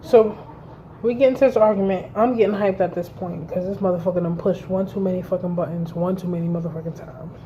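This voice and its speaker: A woman around thirty telling a story to camera in a vlog, blunt and animated, with heavy swearing. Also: on the low side, quick pace, lo-fi sound, slight background noise. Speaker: vlogger. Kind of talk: storytime vlog, recounting a fight.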